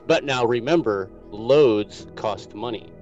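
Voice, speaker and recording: A man's voice: medium pitch, takes it slowly, a little mellow, muffled recording, soft background music. A man explaining tabletop game rules to other players.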